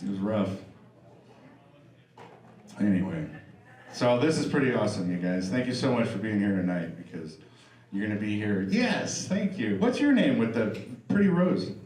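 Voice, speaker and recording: Middle-aged stand-up comic with a lively voice. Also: male voice, on the low side, moderate pace, pauses often, distant mic. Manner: loose, profane, chatty crowd work. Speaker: stand-up comedian. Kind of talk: stand-up set. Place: comedy club stage. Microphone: stage microphone. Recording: roomy live stage recording. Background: audience laughter.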